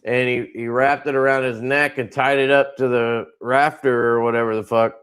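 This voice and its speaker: A man's voice: mid-range voice, level tone, normal speed, fairly bright tone, clean tone. A man hosting a casual livestream from his knife company, showing products in a laid-back, rambling way with crude jokes.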